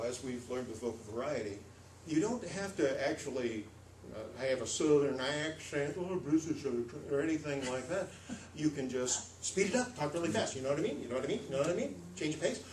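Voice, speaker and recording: An American man giving a lively, demonstrative storytelling workshop to a live audience, playing with pitch and pace. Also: slight background noise. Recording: echoey room, voice from far off.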